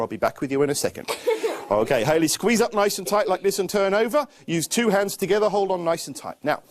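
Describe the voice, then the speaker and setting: A children's magician talks young volunteers through his tricks in a playful, coaxing way. His voice sits a little high and swoops about with lively energy. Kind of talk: live magic show with teaching.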